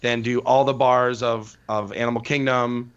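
A man's voice: medium pitch, level tone, normal speed, a bit bright, clear, resonant tone, muffled recording. A man co-hosting a podcast, chatting casually and rambling with enthusiasm. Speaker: podcast co-host.

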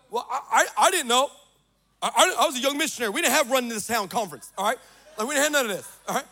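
A man preaching a sermon, telling a story with comic asides and building to shouted exhortation. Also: very high voice, animated, fast talker.

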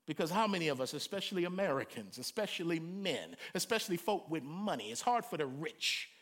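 A middle-aged man preaching with big, lively swings in his voice, shifting from near-whispers to shouted cries. His tone sits high and bright, and he talks in a loose, colloquial way. He acts out the people he quotes. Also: brisk. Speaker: pastor. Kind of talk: sermon.

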